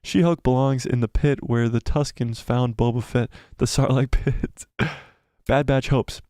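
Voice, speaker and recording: A man chats casually on his live stream, joking and repeating himself as he gets excited. His voice is wearing out and sits at a middle pitch. The sound is dry and close, with no room around it. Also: unhurried, no echo. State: losing his voice. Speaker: livestream host.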